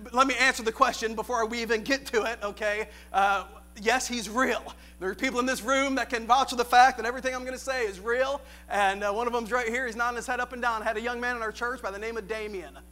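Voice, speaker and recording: A youth pastor with a very high, bright voice preaching a sermon. He builds to shouted, rousing questions, then drops into soft, chuckling storytelling. His delivery is lively and sharp throughout. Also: fast. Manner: animated preaching, swinging from shouted questions to quiet storytelling with laughs.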